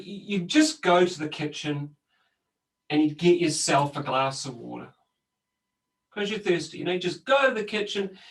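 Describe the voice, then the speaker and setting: A man co-hosting a casual conversation, telling stories in an animated, rambling way with lots of restarts. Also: sits high, distant mic, rough recording. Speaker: co-host. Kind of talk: casual conversation about personal growth.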